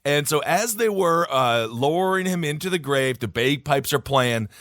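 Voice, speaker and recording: A man co-hosting a podcast, telling stories in a joking, animated way. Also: fairly high pitch, normal speed, no room sound, clean studio sound. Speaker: podcast co-host. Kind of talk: casual comedic chat.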